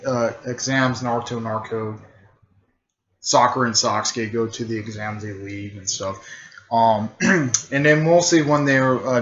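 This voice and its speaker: Halting man rambling through a fan story. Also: mid-range voice, fairly bright tone, highs cut off. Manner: halting, filler-heavy, repeats "technically" and "there".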